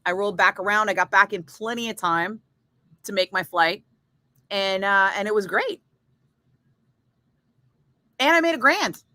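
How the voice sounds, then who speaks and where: Bright-voiced woman, chatty storyteller. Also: medium pitch, animated, unhurried, pauses often, dry recording. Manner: chatty storyteller, swears freely, acts out voices. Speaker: radio DJ chatting with livestream viewers. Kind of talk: casual chat.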